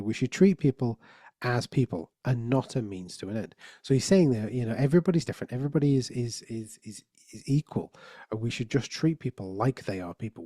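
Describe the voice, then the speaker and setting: A man's voice: medium pitch, dark tone, no room sound, studio quality. A man giving a conversational conference talk, often restarting phrases and checking in with the audience. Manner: conversational, frequent restarts and "right?" tags. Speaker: conference speaker.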